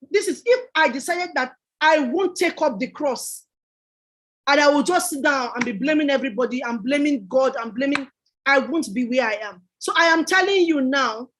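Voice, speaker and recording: A woman delivers a motivational talk in a notably high voice. She is emphatic and repeats her phrases for effect, much like a preacher. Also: lively intonation, normal speed, a bit bright. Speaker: guest entrepreneur.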